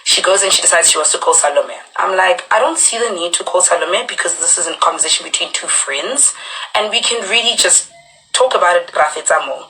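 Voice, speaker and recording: A young woman, recounting a personal dispute in animated storytelling and acting out the voices of others. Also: fairly low pitch, a little fast, poor audio. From South Africa.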